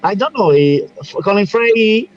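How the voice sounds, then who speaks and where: A man with an Italian accent, a native Italian speaker, hosting a live fan club interview in halting English with many fillers. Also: high-pitched, lively intonation, dull audio. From Italy.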